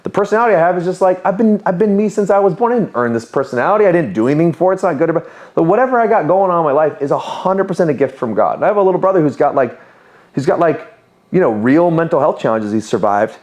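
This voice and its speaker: A business owner in his 30s, guesting on a podcast, tells personal stories candidly and with animation in a voice on the high side at a quick pace. It's casual interview storytelling, and he quotes other people's voices as he goes.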